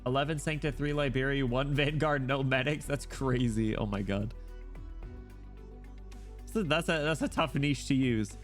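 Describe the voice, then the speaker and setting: Brief: male streamer, mid-pitched, casual and jokey, quick asides, faint music underneath. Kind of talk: casual live-stream story reading.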